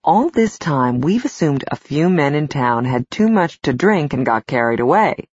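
A woman's voice: low-pitched, very animated, moderate pace, darkish tone, husky, dry recording, heavily acted. A woman narrator voicing a confident man who explains a theory to friends. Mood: assured. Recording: slightly dull, dry studio recording.

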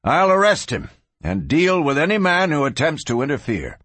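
A man voicing a steady frontier sheriff in an audiobook western, speaking in a level, firm voice. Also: on the high side, normal speed, creaky, no room sound, voice pushed up, exaggerated voice.

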